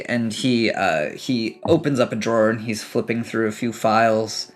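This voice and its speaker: A man's voice: fairly low pitch, normal speed, soft background music. A man running a tabletop game as game master, narrating loosely with many fillers and restarts.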